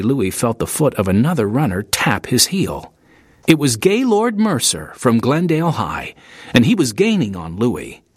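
A man reading an audiobook in steady, scripted narration into a close studio mic. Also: medium pitch, slightly rough, dry recording. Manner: steady storytelling, lively intonation.

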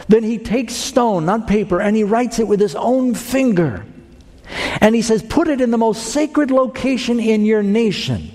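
A man's voice: high voice, darkish tone. A man preaching a sermon, earnest and emphatic, telling a story to his congregation. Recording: long hall reverb.

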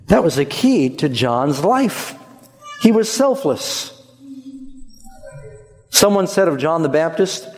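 A man's voice: a little high, a little mellow. A man preaching a sermon with emphasis, leading the congregation in repeating phrases. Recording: long hall reverb.

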